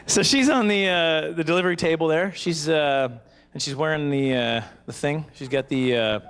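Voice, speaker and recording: A man's voice: a little high, a bit bright. A man doing self-deprecating, rambling stand-up comedy at a live banquet.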